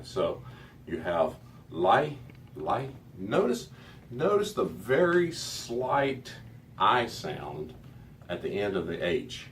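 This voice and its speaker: A man's voice: on the low side, far from the mic, a little hiss or hum. A man teaching a Hebrew reading lesson to a class, explaining patiently with many fillers.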